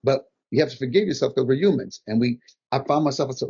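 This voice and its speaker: In a fast, gravelly and slightly rough medium-pitched voice, an older guest comedian hands out motivational advice during conversation. He animatedly acts out what people told him, captured in dull lo-fi audio.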